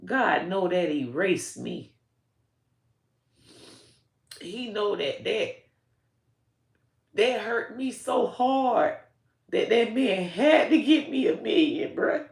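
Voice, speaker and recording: Tearful woman, slow raw monologue. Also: mid-range voice, sing-song, gravelly, echoey room. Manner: raw, swings from hushed to loud, heavy cursing. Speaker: comedian and social media creator. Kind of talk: emotional personal monologue.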